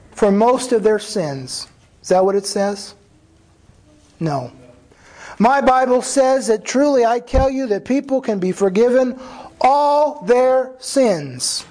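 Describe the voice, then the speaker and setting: A man with a notably high voice delivers a sermon as a pastor. He speaks earnestly and conversationally, restarting phrases and voicing the words of others as he explains scripture. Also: a little mellow, poor audio. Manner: earnest preaching with restarts and quoted dialogue.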